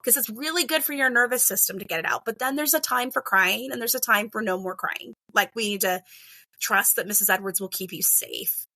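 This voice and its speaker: A bright, forceful woman's voice, chatty and animated, filled with "like". She is a middle-aged kindergarten teacher on a podcast, and the dry recording has no room sound. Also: on the high side, a little fast, dry recording. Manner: chatty, animated, heavy use of "like". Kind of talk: casual podcast interview.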